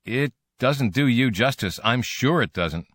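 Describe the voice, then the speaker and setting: A man voicing a sharp, quick-witted woman. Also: medium pitch, lively intonation, no room sound, clean studio sound, pitched above the performer's own voice. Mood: incredulous.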